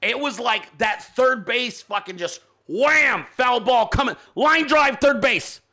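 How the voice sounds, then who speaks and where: A man's voice: extremely high pitch, unhurried, pushed and bright. A man hosting a political commentary show, ranting and mocking with heavy swearing. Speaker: show host.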